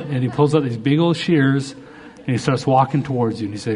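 A middle-aged male pastor preaching a sermon, jumping to loud, high bursts when he acts out prayers and then dropping back low. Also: moderate pace, husky.

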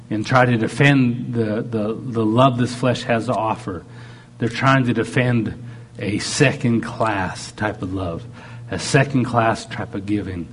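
A man's voice: medium pitch, slight background noise. A man preaching a sermon. He talks animatedly and acts out God speaking in short quoted lines. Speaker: pastor.

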